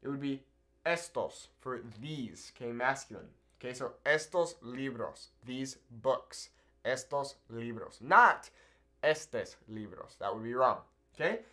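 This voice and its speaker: Man, online language teacher, animated delivery with a lively, swinging pitch; keeps checking in with the viewer. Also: a little slow. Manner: upbeat, animated, keeps asking "okay?". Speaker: Spanish teacher. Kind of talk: video language lesson.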